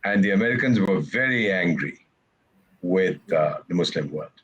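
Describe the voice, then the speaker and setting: Husky older man. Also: low-pitched, expressive, moderate pace, fairly bright tone, dull audio. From India. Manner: emphatic and sardonic, acts out quoted voices. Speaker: retired ambassador, interview guest. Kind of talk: candid, opinionated interview answers.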